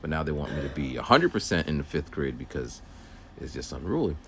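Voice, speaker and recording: A man's voice: very deep voice, sing-song, a little fast, a little hiss or hum. A man who works as a teacher's aide, rambling through a casual story outdoors while walking and acting out voices. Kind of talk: casual walking vlog monologue.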